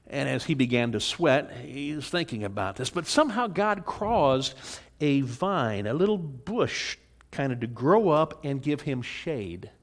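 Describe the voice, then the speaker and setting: A man preaching a sermon, speaking with passion, often repeating words and restarting as he goes. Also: mid-range voice. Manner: impassioned, repeats words and restarts, acts out quoted voices. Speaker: pastor.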